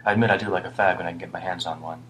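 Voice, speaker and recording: A man's voice: sits low, steady tone, racing, fairly bright tone, slight background noise, rough recording. A man doing a weary, rambling homeless man. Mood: rueful. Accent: British. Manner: rambling, rueful, muttering at times. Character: weary homeless British man, older, rambling and self-reproaching.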